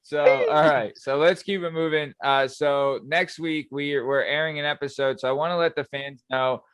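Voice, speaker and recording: A man in his thirties hosts a podcast in loose, casual chat, his voice smooth and resonant and sitting a little high for a man. The sound is dry and close, with no room around it. He rambles, swears freely and laughs easily. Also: fairly even intonation, normal speed, a bit bright, no room sound. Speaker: podcast host.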